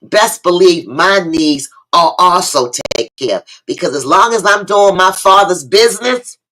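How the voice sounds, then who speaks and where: A woman with hosts a lively livestream talk show. Her voice is bright and forward. She preaches more than she chats, hails viewers by name and says key lines over again. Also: fairly low pitch, normal speed, rough recording. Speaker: host of a live online talk show.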